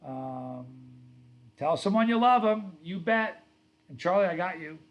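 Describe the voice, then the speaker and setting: Rambling middle-aged man, slightly high voice. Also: animated, unhurried, dull audio. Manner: rambling, reads viewer comments aloud; storytelling, self-correcting. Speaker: livestream host. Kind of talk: casual livestream chat.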